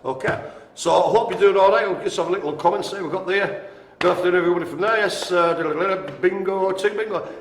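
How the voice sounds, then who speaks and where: A man hosting a live-streamed bingo game, jokey and chatty, calling out names and often addressing the audience as ladies and gentlemen. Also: high-pitched, fast talker, slight background noise. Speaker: bingo host. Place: indoor room at a care home. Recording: roomy with faint ambience.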